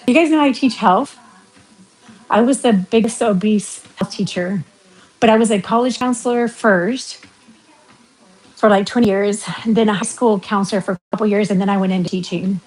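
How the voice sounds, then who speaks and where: Middle-aged woman, West Coast American accent, rambling livestream chatter at an average pitch. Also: moderate pace, a little mellow, rough recording. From western United States. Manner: chatty, rambling, reads out viewer comments. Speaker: livestream vlogger. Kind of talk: casual livestream chat while walking.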